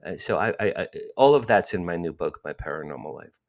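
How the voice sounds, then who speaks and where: A low-voiced man in his sixties from New Jersey, USA, talks a little fast and expressively. He's a podcast guest in a storytelling interview, animatedly acting out dialogue and repeating himself for emphasis.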